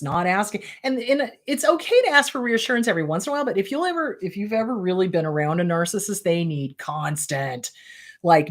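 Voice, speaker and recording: A woman therapist hosting a casual advice show, blunt and emphatic as she answers viewer questions. Her pitch swings widely from phrase to phrase, in a lively, animated way. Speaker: therapist and host.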